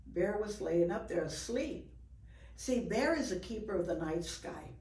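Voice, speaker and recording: An older woman telling a folk story in a lively, expressive way, with gasps for effect. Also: mid-range voice, measured pace. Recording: roomy, from far off.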